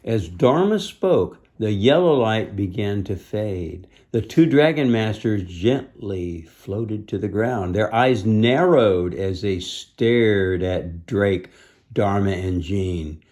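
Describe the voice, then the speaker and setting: A man slowly reading a children's book aloud, pausing gently to point out the pictures. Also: on the low side, animated. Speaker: storybook reader.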